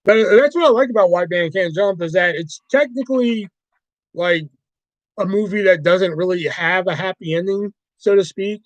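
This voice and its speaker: A man's voice: high-pitched, moderate pace, dry recording, muffled recording. A man hosting a livestream, chatting casually about movies in a rambling, profane way. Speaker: livestream host.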